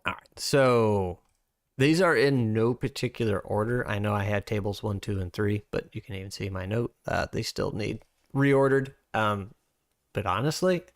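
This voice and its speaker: A man's voice: lowish voice, moderate pace, no echo, studio quality. A man streaming as host, thinking aloud in a loose, rambling way while working through tabletop game rules. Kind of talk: casual livestream chat.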